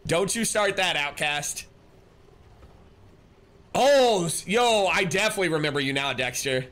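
On his live stream, a man talks fairly quickly in a bright, forceful voice on the high side. His chat is casual and rambling, full of restarts, as he reads messages aloud, answers viewers and thanks them.

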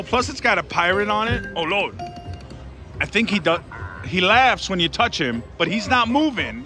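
Excitable man narrating slots in a casino. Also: a little high. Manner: excitable, keeps calling out to viewers and his mom, frequent "oh Lord". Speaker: casino slot vlogger. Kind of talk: casual running commentary while playing slots. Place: casino floor. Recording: casino floor with loud music. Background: slot machine music.

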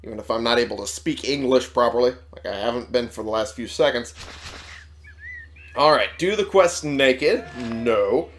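A man's voice: medium pitch, moderate pace. A man giving casual let's play commentary, sarcastic and swearing as he talks back to game characters. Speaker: gamer playing on a channel.

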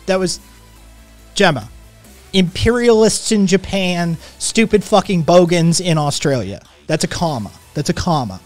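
A man who says he is sick and in pain, ranting with constant swearing while he reads and answers his chat. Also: high-pitched. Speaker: streamer. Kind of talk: ranting live stream chat.

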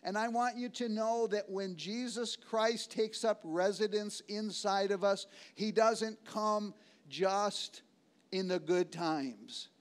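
Pastor, male, high voice, emphatic repeating sermon delivery. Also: clear, resonant tone. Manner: slows for key words, swings between loud and hushed.

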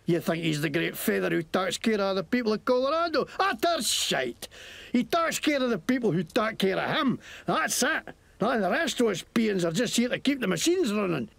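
An actor playing a foul-mouthed, resentful Scottish shopkeeper and petty crook in a video game, with a Scottish accent and a gravelly voice. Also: male voice, high voice, very animated, normal speed, fairly bright tone, no room sound, exaggerated voice. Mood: ranting. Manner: swearing, ranting against the law.

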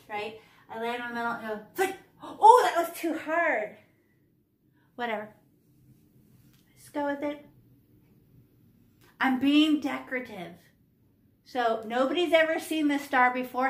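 A woman's voice: sits high, a bit bright, echoey room. A woman in her fifties teaching children to paint, playful and chatty, teasing the class and talking to herself as she works. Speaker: art teacher.

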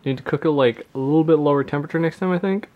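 A man's voice: fairly high pitch, rapid-fire, phone-quality sound. A man hosting a family vlog at home, chatting easily with his wife and laughing often. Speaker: vlog host, new father. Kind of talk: casual home vlog chat.

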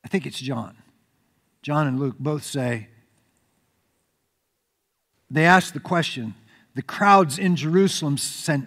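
A man preaching a sermon as pastor, telling the story in an animated way. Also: a little high, slow, long pauses. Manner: animated storytelling preacher, acts out crowd shouts. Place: church sanctuary. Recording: reverberant church hall.

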